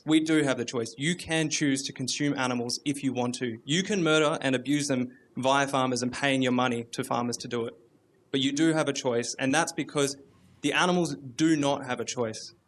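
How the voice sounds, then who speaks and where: A man's voice: mid-range voice, a bit bright. Earnest man arguing in a debate. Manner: earnest, argues point by point. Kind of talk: argumentative debate.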